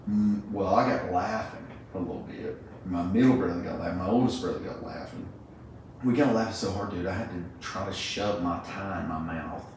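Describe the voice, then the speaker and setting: A man's voice: sits low, normal speed, a little mellow, a little hiss or hum. A man hosting a podcast, chatting in a laid-back, folksy way. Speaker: podcast host. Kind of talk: casual chat. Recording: very echoey room, mic far off.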